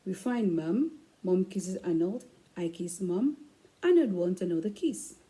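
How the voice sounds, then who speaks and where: A woman hosting her own channel, reading a children's picture book aloud in a slow, expressive way with playful asides. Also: on the low side, low-quality recording.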